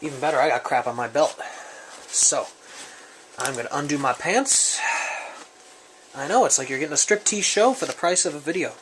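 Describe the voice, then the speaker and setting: A man's voice: on the high side, moderate pace, pauses often, noisy background. A man casually reviewing his survival gear on camera, rambling and joking in an off-the-cuff way. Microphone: camera mic, speaker off-frame.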